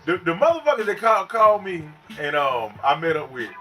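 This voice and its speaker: A young man guesting on a casual podcast, telling stories in an animated, profane way and acting out other people's voices. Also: a little high, normal speed. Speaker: guest and concert host. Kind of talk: casual podcast chat, storytelling.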